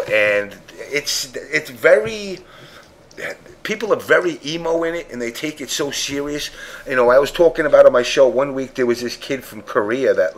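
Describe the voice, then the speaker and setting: A man on a podcast panel telling a story in casual chat, blunt and profane, acting out what people said. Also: mid-range voice. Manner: profane, blunt, acts out quotes.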